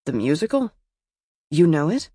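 A woman's voice: low-pitched, sing-song, moderate pace, warm tone, husky, no echo, exaggerated voice. Woman reading as a wry young ex-soldier. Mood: teasing. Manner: dry, wry banter. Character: young male war veteran, guarded and teasing.

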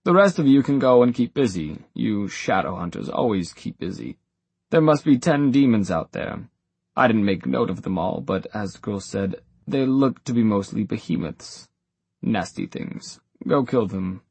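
A man voicing an ancient, frail and dotty male warlock who talks down to people, with a husky voice. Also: on the low side, very animated, moderate pace, darkish tone, no room sound, full character voice. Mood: condescending.

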